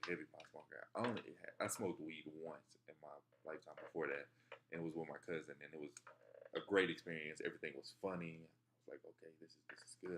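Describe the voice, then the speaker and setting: A young man with a very deep, low voice tells a personal story in a laid-back, rambling way. He chuckles at himself and slips into quoting his own thoughts. A faint hiss sits under his voice. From Texarkana area, southern US. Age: young adult.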